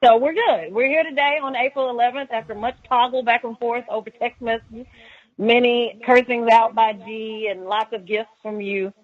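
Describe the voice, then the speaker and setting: A woman with a slightly high voice chats as a podcast guest, playful and theatrical as she pokes fun at herself. Her sound comes through a bit dull and lo-fi. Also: fairly even intonation, normal speed. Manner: playful, mock-dramatic, laughing at herself. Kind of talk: casual chat.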